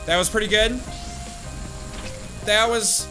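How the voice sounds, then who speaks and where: A man's voice: high voice, measured pace, pauses often, bright, forceful tone, low-quality recording. A young man hosting a gaming channel, talking to himself through his gameplay in casual commentary, swinging between groans and cheers. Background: game music.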